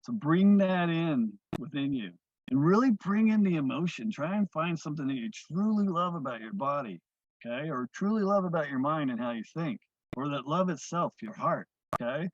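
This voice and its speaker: A man teaching breathwork, guiding listeners through breaths in a slow, soothing way that often trails off softly. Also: a little high, lively intonation, no room sound. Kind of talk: guided breathing instruction. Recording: dull, lo-fi dry sound.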